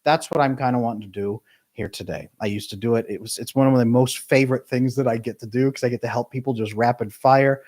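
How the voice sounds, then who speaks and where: A middle-aged man, a relationship coach, talking to his live stream audience with emphatic, jumpy pitch on key words. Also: fast, a little mellow. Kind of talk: live stream talk to chat.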